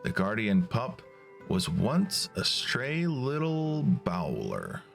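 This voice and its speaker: A talkative companion, read out by a man, tells the story in a lively, rising and falling voice. He reads at a slow, measured pace. Faint game music lingers behind. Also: mid-range voice, gravelly, full character voice. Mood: explaining. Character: chatty companion who translates for the puppy.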